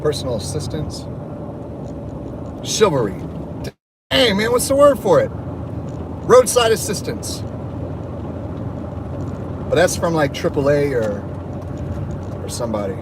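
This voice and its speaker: A man's voice: fairly high pitch, very animated, measured pace, pauses often. A man vlogging casually from his car as he drives to work, chatting and joking as his thoughts wander. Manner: chatty, jokey, wandering talk. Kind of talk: casual rambling car vlog. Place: car on a highway. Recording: car road noise behind voice.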